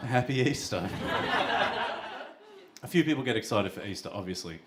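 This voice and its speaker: A man with an Australian accent doing a stand-up comedy set on a club stage. He swears freely and acts out characters in quick put-on voices. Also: medium pitch, lively intonation. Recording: loud noisy live room with audience laughter.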